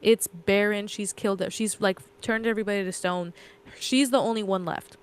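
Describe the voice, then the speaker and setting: A woman co-host chatting her way through a story recap, circling back and correcting herself as she goes. Her voice is smooth and clear, sitting at an ordinary middle pitch. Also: steady tone, moderate pace. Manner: rambling, loose recap full of fillers and self-corrections. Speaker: podcast co-host. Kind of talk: casual chat, retelling a story.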